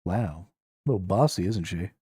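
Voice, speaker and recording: A man streaming a game live, giving relaxed, joking commentary with a wry edge. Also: low voice, moderate pace, no room sound.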